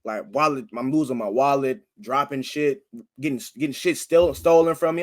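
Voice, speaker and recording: A young man hosting a podcast, telling stories in casual chat, animated and slangy, swinging from loud outbursts to low mutters. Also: normal speed. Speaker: podcast host.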